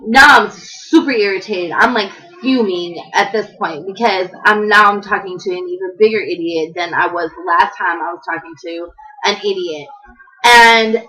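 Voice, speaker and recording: A woman's voice: mid-range voice, normal speed, pushed and bright, poor audio. A woman, telling a long exasperated story in a rambling, casual way. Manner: exasperated, rambling, acts out quoted people. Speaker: vlogger.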